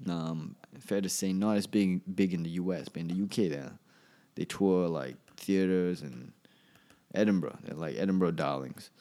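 A man's voice: sits low, normal speed, dark tone. A man hosting a solo podcast, talking in a rambling, chatty way with many restarts and a slight Australian accent. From Asia. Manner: rambling, chatty, self-correcting. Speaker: podcast host and comedian.

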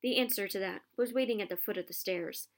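A woman reading a children's novel aloud with expressive storytelling. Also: mid-range voice, quick pace.

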